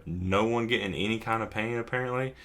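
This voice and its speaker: A man's voice: fairly low pitch, brisk, a bit bright. A drunk young man hosting a casual anime recap, rambling with lots of fillers, swearing and chuckling. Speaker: host.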